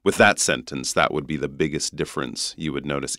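A Canadian man with an extremely deep voice, smooth and resonant, teaching on a podcast. He explains pronunciation patiently, modelling different accents, recorded close and dry on a studio mic. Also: fairly even intonation, a little fast, fairly bright tone, dry recording. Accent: Canadian English. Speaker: guest English teacher. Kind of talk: podcast language lesson.

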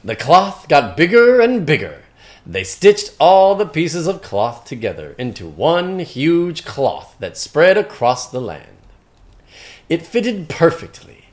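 A woman's voice: deep voice, very animated, takes it slowly, a little mellow. A woman reading a children's picture book aloud, acting out the characters and sound effects. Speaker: story reader.

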